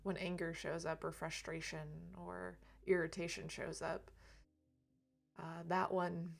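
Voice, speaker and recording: A woman speaking gently and reflectively on a livestream about emotions, laughing lightly now and then. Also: on the low side, level tone, a little slow, vocal fry. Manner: soft, reflective, laughs lightly, drops to near whisper at times. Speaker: reiki streamer. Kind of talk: gentle spiritual talk on a livestream.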